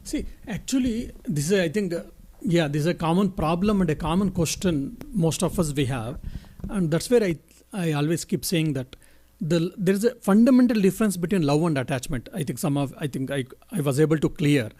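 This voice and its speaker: A man, a monk answering a question in a spiritual talk, halting and correcting himself as he tells stories. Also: on the high side. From India. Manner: halting, self-correcting, gentle storytelling.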